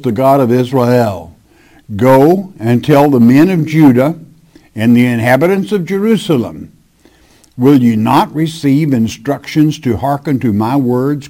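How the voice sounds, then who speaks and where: A man teaching a sermon, reading scripture aloud and explaining it in an emphatic, deliberate preaching manner. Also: medium pitch, warm tone. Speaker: Bible teacher.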